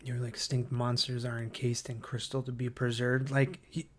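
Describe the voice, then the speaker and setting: A man hosting a livestream who reads viewer comments aloud and thinks out loud, hesitant and full of fillers, easily excited by ideas. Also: mid-range voice, normal speed, slight background noise. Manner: enthusiastic about ideas. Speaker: livestream host.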